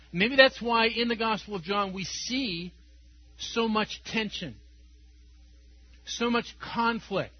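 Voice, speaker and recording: Male preacher, high-pitched, slightly husky, chatty and chuckling, dull lo-fi sound. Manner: conversational, tells stories with chuckles. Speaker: pastor. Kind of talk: sermon.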